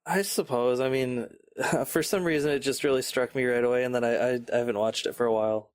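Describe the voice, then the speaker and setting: A man's voice: mid-range voice, steady tone, brisk, clear, resonant tone. A man chatting on a casual podcast, hesitant and searching for words. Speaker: podcast panelist. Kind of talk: casual chat.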